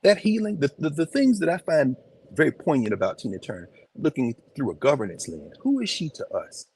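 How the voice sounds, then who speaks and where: A man giving an informal, animated lecture on location in a museum, talking conversationally with emphatic asides. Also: medium pitch, creaky, slightly rough. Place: museum, indoors.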